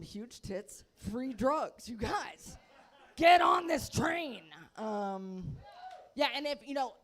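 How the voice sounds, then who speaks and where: A woman doing a crude, brash stand-up comedy set with deadpan punchlines in a bar. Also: mid-range voice. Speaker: stand-up comic. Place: comedy bar, live audience.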